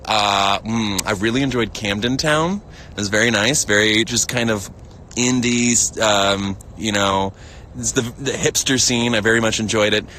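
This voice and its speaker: A man's voice: mid-range voice, pushed and bright, a little hiss or hum. A young man hosting a casual live stream outdoors in a field, reading out chat messages with lots of giggles and filler words. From United States. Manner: chatty and giggly, many fillers and restarts. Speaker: livestream host reading chat.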